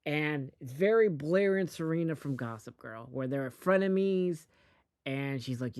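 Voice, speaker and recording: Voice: medium pitch, expressive, a little slow, a little mellow, smooth, no echo, studio quality. A host giving a casual, rambling and profane recap of a TV episode, speaking bluntly.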